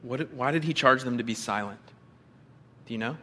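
A man's voice: medium pitch, moderate pace, bright, forceful tone. A man preaching a conversational sermon, with bits of humor and the odd filler. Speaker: pastor.

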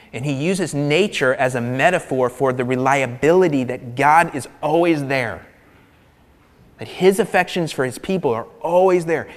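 A man preaching a sermon, animated and emphatic, sometimes dropping his voice to a near-whisper for emphasis. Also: mid-range voice, long reverb tail.

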